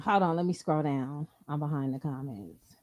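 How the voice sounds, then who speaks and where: A woman's voice: low-pitched, normal speed, a little mellow, dry recording, lo-fi sound. A woman hosting a stream, giving blunt, profane gossip commentary on a clip and mimicking the people in it. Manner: mimics the clip in quoted voices. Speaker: stream host. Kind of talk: casual reaction commentary.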